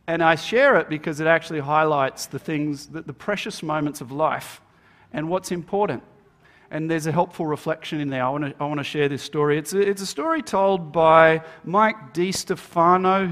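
A man, a minister, giving a Good Friday sermon as storytelling, swinging between emphatic lines and hushed, slowed ones. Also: fairly high pitch.

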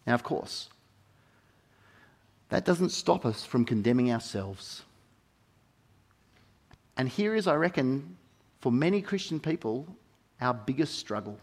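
A man preaching a sermon, swinging between soft, intimate moments and loud, emphatic ones, and repeating key phrases for weight. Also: fairly high pitch, animated, measured pace, long pauses.

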